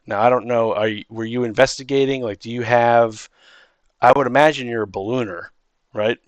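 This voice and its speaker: A man's voice: mid-range voice, steady tone, fairly quick, dry recording, muffled recording. A man running a tabletop game as dungeon master, rambling with many restarts and ums.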